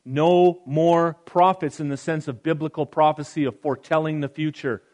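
A pastor preaching a conversational sermon, reading scripture aloud with casual asides. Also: male voice, on the high side, steady tone, normal speed, a little mellow.

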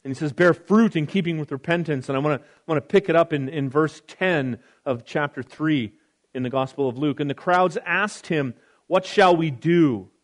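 A pastor preaching a conversational sermon, reading scripture aloud with casual asides. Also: male voice, a little high, normal speed.

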